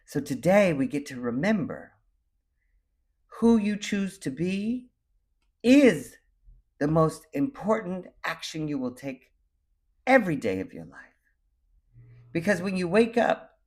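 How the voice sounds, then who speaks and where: A man giving a motivational message. He talks in an animated, emphatic way, repeats his key phrases and acts out quoted voices. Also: a little high, slow, pauses often, slightly rough. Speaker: motivational speaker.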